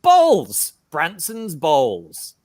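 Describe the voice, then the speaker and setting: A man voicing an over-the-top advert announcer in an improvised parody advert, drawing out a booming sales pitch. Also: wildly swooping pitch, drawn-out words, darkish tone, full character voice. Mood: salesy.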